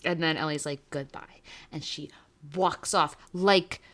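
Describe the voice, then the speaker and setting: Young woman podcast co-host, slightly low, bright tone, giggly, rambling recap chatter. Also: steady tone, measured pace. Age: young adult. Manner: giggly, rambling, lots of fillers. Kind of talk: casual recap chat.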